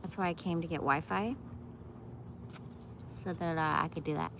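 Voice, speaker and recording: A woman's voice: low voice, steady tone, moderate pace, vocal fry. Casting note: woman in her 40s, loose rambling vlogger, profane slang, noisy outdoor phone audio. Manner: rambling, slangy, profane, says bro often. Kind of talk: casual vlog chat. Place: outdoors in a park.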